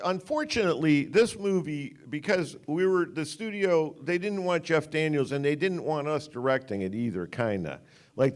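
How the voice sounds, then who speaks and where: A man's voice: medium pitch, clean tone. A man in his sixties, a film director, telling rambling anecdotes at a cinema Q&A. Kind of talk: storytelling on stage. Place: cinema stage.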